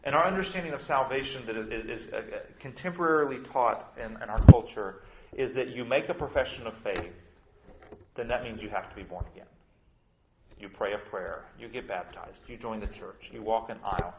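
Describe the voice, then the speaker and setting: A male pastor preaching with force, swinging from hushed lines to loud ones and repeating words as he restarts. His voice carries a roomy echo, and the sound is slightly dull. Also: medium pitch, a little fast, very noisy. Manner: emphatic preaching with sudden swings between loud and soft. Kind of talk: sermon.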